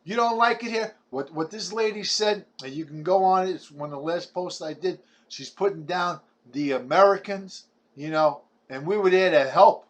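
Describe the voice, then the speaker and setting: A man's voice: high voice, moderate pace. A man, delivering a blunt, combative ranting monologue full of stumbling restarts. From Brooklyn, New York. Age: 70s. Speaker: vlogger.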